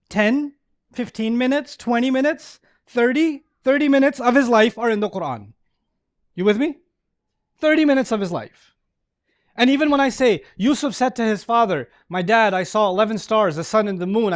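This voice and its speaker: A middle-aged man giving an animated religious lecture to a live audience, often asking them questions. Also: extremely high pitch, dry recording, studio quality. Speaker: Islamic lecturer.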